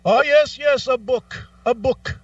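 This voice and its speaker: A man's voice: very high-pitched, slow pace, no echo, recorded from a distance, muffled recording, pitched above the performer's own voice, heavily acted. A man voicing a polite, confused male call-center agent with a put-on Indian accent, speaking formally and repeating phrases. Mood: baffled.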